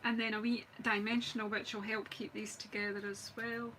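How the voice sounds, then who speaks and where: A woman's voice: mid-range voice, flat delivery, moderate pace, bright, forceful tone, slight background noise, rough recording. A Scottish woman chatting casually and thinking aloud as she demonstrates card making on a live stream. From Scotland. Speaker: craft demonstrator. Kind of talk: live craft stream chat.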